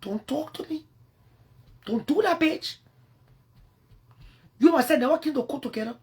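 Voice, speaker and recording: A woman with a Liberian English accent, ranting at someone on a phone livestream, confrontational and swearing, dropping to low mutters and then bursting out loud. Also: moderate pace. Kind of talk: angry livestream rant.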